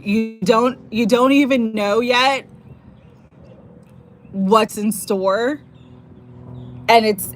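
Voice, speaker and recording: A woman with a mid-range voice gives a tarot reading on a live stream, effusive and emotional, sometimes nearly in tears. There's slight background noise.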